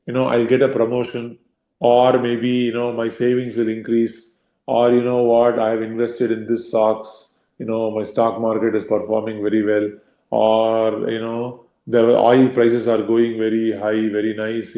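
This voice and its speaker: A man's voice: fairly low pitch, creaky, mellow. A man giving a devotional scripture lecture in a conversational way, acting out inner voices with many fillers. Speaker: devotional speaker. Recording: roomy, slightly dull recording.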